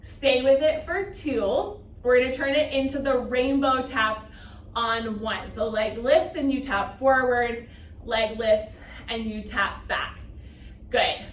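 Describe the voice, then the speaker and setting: A woman's voice: fairly high pitch, slow. A woman in her thirties teaching a Pilates class, counting reps and cueing breaths in an encouraging way. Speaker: Pilates instructor. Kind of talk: guided exercise class cueing. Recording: roomy, distant mic with faint noise.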